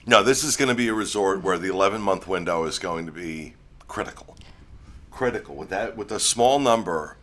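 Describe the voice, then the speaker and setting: A man's voice: low voice, lively intonation, a little fast, a bit bright. A man hosting a podcast, leading the questions in casual chat.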